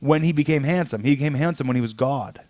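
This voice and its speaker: A man's voice: mid-range voice, quick pace, a little mellow, no echo. A man co-hosting a casual comics podcast, retelling a story in a loose, rambling way and acting out the lines in his own voice. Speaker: podcast co-host. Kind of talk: casual chat about comics.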